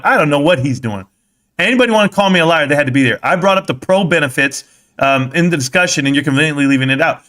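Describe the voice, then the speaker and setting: A man's voice: a little high, lively intonation, fast, sharp tone. A man hosting a stock market live stream, ranting heatedly and combatively as he answers his chat.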